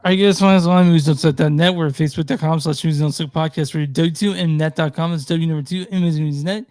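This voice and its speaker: A man with a slightly high voice co-hosts a movie podcast in a relaxed, hesitant style, with plenty of small fillers. The recording is dry and close, with no room sound. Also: quick pace, no echo. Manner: easygoing, hesitant, lots of fillers. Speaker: podcast co-host. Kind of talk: casual chat.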